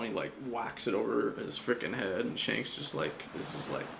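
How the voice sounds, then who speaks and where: A man's voice: on the low side, lively intonation, normal speed, gravelly, a bit bright. A man recapping an anime chapter in a casual, slangy, profane chat, laughing often. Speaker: anime reviewer. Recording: echoey room with faint hum.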